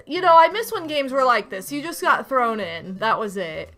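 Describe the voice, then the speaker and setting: A woman's voice: high-pitched, sing-song, moderate pace, fairly bright tone, faint music behind. A woman in her thirties streaming a retro game, chatting casually, gushing and reading game text aloud. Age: 30s. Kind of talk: casual gameplay commentary.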